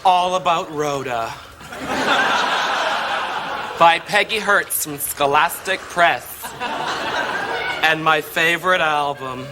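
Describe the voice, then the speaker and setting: An actor playing a flamboyant, vain and catty gay socialite, delivering a theatrical sketch comedy monologue. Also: male voice, a little high, slow pace, pauses often, heavy background noise. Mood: arch. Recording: music bed under the voice.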